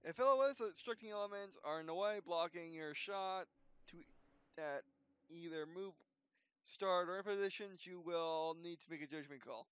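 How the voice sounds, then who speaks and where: A man hosting a gameplay video, reading tutorial text aloud with halting restarts and yawns. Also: sits high, clean tone, dry recording, lo-fi sound. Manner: halting, frequent restarts, yawning. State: yawning.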